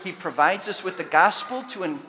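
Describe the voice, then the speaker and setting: A man delivers a sermon with a bright, high voice that carries through a hall with long reverb. He preaches with animation and builds to loud emphasis on his main points. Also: brisk, a little hiss or hum. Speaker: pastor.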